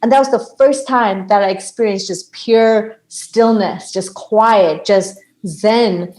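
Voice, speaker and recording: A woman's voice: mid-range voice, slow, a little mellow, rough recording. A woman in her thirties from Bangladesh, a podcast guest who chats casually, often laughing and saying "like". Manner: chatty, laughs often, lots of "like". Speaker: podcast guest, sound healer. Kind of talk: casual conversation.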